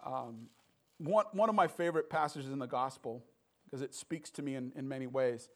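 Earnest man preaching with halting restarts. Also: medium pitch. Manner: earnest, halting, repeats words. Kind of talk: sermon.

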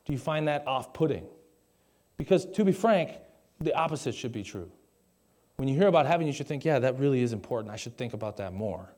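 Young guy preaching, chatty and jokey, keeps asking the crowd stuff, normal pitch. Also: animated, brisk, darkish tone. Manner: conversational, jokey asides, asks the audience questions. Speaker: pastor. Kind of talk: sermon.

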